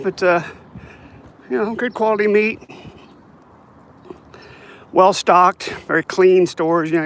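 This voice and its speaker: A man's voice: high voice, fairly bright tone. A man chatting casually to viewers as he walks down a residential street. He rambles along, sounding a little tired. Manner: rambling, chatty, talks to viewers while walking. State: tired, yawning. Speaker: vlogger. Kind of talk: casual walking vlog. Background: passing cars and traffic.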